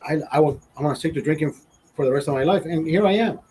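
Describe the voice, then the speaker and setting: A man's voice: fairly high pitch, quick pace, dark tone, breathy edge, low-quality recording. A man in his forties from Honduras telling a rambling, profane story in casual chat, laughing as he goes. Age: 40s. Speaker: podcast host.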